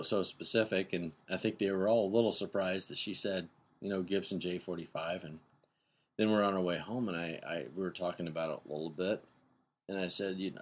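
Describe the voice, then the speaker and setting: A middle-aged man with a somewhat low voice tells a loose, rambling story in casual podcast style. He is animated and jumps into the voices of the people he quotes. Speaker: podcast host.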